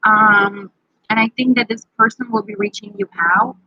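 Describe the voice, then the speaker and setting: A woman's voice: medium pitch, steady tone, moderate pace, muffled recording, soft background music. A woman giving a live tarot reading, chatting playfully and addressing viewers by name. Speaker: tarot reader.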